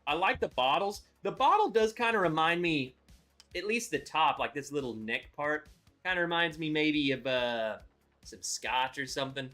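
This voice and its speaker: Lively upbeat man hosting a live stream. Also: fairly high pitch, moderate pace, faint music behind. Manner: chatty, upbeat, greets viewers by name. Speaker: livestream host reviewing whiskey. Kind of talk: casual live-stream chat.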